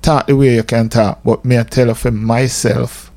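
A man's voice: medium pitch, flat delivery, normal speed, darkish tone. A man with a Jamaican accent, a radio host giving an emphatic casual monologue that mixes patois with English.

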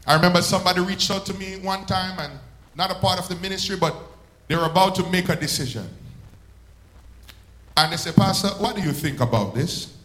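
A male pastor preaching a sermon, swelling up and then slowing down hard for emphasis. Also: high voice, a bit bright. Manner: preaching with sudden swells and slow drawn-out emphasis. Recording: echoey church room.

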